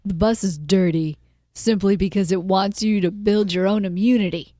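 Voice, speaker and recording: A woman co-hosting a comedy podcast, riffing on absurd answers in a deadpan way. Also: medium pitch, moderate pace, no echo, studio quality. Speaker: podcast co-host. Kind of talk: casual comedy podcast chat.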